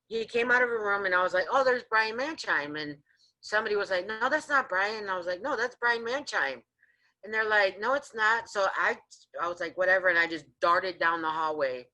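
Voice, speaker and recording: A woman housing advocate speaking on a video call, her voice low-pitched but bright and forceful. She tells her stories in an animated way and acts out what each person said. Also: poor audio. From San Diego area, California. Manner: animated storyteller acting out her own quotes. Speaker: housing advocate and resident leader. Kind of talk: storytelling in a panel interview.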